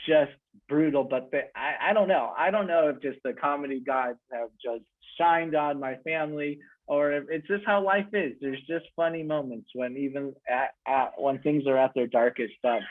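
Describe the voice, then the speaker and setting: A man telling frank, darkly comic personal stories in a halting way, with many fillers. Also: mid-range voice. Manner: halting, lots of fillers, switches from frank to joking. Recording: tinny phone-line radio audio.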